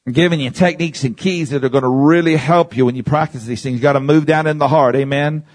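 A man's voice: on the high side, steady tone, fast talker. A man preaching to a congregation. He guides listeners through exercises, repeats his phrases, drops in "Amen" and calls for responses. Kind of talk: sermon teaching.

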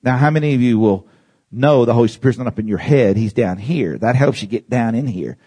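A male preacher teaching a congregation and walking them through exercises step by step. He repeats his phrases, drops in "Amen" often and calls for the crowd to answer. His voice sits at an ordinary middle pitch. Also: brisk, mellow, breathy edge. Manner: guides the audience through exercises with call-and-response. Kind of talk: sermon teaching.

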